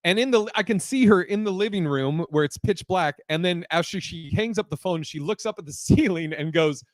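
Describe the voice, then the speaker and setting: A man co-hosting a podcast, telling a story in a casual, animated way, swearing and laughing often. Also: high voice, a little fast, dry recording. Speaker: podcast co-host.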